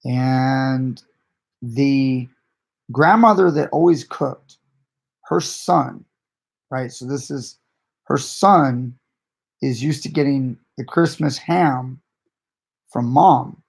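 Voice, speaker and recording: A man's voice: mid-range voice, slow pace, darkish tone. A man coaching grappling, chatting on a late-night live stream in a rambling, conversational way that often restarts sentences. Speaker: jiu-jitsu coach and channel host.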